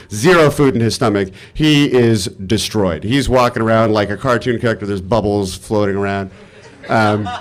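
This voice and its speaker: Live on stage, a man with a medium-pitched voice tells a personal story, animated and exasperated. He swears freely as he goes.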